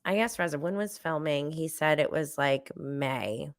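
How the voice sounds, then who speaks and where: A woman's voice: low-pitched, a little slow, dry recording, clean studio sound. A woman in her thirties hosting a podcast, chatting casually and rambling with fillers and self-aware asides. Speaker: podcast host. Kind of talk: casual solo recap chat.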